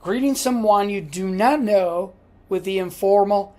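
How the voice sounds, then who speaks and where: A woman's voice: medium pitch, measured pace, warm tone. A woman giving a classroom lecture as a language teacher, patiently repeating each example.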